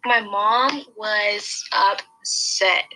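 A woman's voice: mid-range voice, steady tone, extremely slow, bright, forceful tone, soft background music, rough recording. A young woman telling a personal story in casual chat, rambling along with lots of restarts and fillers. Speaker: podcast host.

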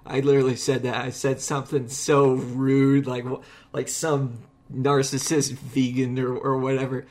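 A man's voice: mid-range voice, normal speed. Rambling, chatty man telling a story. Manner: rambling, animated storyteller with many restarts. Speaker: podcast host. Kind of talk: casual conversation.

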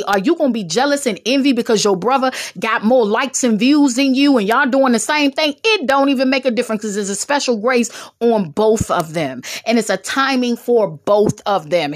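A bubbly woman hosting her own podcast, mixing preaching and humor as she urges her listeners on. Her pitch swings widely, leaping high when she gets excited. She talks in a loose, playful, exhorting way. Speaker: podcast host. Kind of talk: preachy motivational podcast talk.

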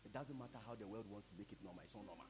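A man with a Ghanaian accent preaching a sermon, building up to shouted lines. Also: lowish voice, very fast, rough recording. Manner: preaching, switching between Twi and English, rising to shouts. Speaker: pastor. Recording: with loud music behind.

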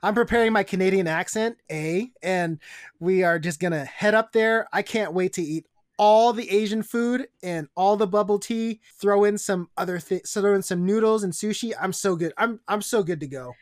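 A woman's voice: mid-range voice, moderate pace, darkish tone, no echo. Chatty woman podcast host, dry sound. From Seattle area. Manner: chatty, laughs often, trails off into fillers. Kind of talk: casual podcast chat.

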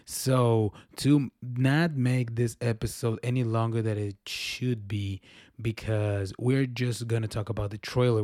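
A man's voice: mid-range voice, a little mellow, no echo. Rambling male podcast host, dry sound. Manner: rambling, self-correcting, laughs at himself. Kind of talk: casual solo podcast chat.

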